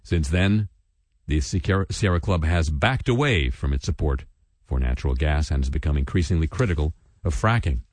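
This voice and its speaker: Man, very low voice, lively swings in pitch, sardonic news commentary, dry close sound. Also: normal speed, no room sound. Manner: sardonic asides and mock voices between read news items. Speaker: radio commentary host.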